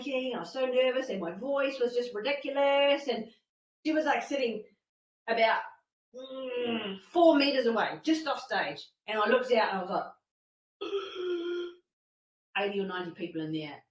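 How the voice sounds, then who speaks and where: Fitness coach, woman, lively storyteller; high-ish voice, heard from a distance with dull sound. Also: moderate pace, echoey room. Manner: expressive, acts out her own panicked thoughts. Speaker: fitness instructor and masterclass speaker. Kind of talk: animated personal storytelling talk.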